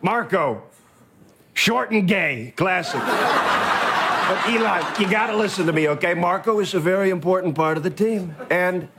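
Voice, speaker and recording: A man's voice: sits high, a little slow, heavy background noise. An actor playing a brash, boastful older male president who rambles and throws sarcastic jabs in a comedy sketch. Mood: mocking. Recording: sketch-show clip with audience laughter.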